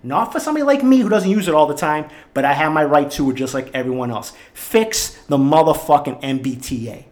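Man in his forties, podcast host, worked-up profane monologue, pitched a bit high. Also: animated, a little fast, few pauses. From Boston, Massachusetts. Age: 40s. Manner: heated, swearing, worked up.

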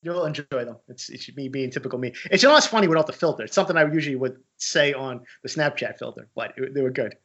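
A man's voice: mid-range voice, animated, fast, hardly any pauses, fairly bright tone, slightly rough. A man co-hosting a podcast in casual chat, joking, swearing and rambling. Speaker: podcast co-host. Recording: dull lo-fi sound.

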